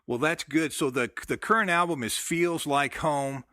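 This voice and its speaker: A middle-aged American man hosts a radio show, chatting casually through a phone interview and a sign-off, halting often with fillers and restarts. His voice sits a little high and sounds pushed and bright. The studio-quality recording has no room sound.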